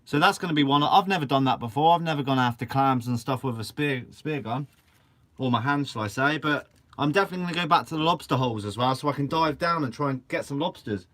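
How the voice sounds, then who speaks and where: A man's voice: mid-range voice, fast, fairly bright tone. A young man from Guernsey, hosting a fishing channel and answering live chat in a chatty, upbeat way with casual swearing. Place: shed.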